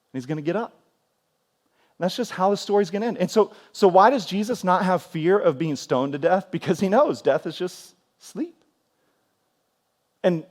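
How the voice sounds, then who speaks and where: Animated pastor with a higher voice. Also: male voice. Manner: animated storytelling, acting out family scenes with sudden loud outbursts. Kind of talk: sermon. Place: church sanctuary.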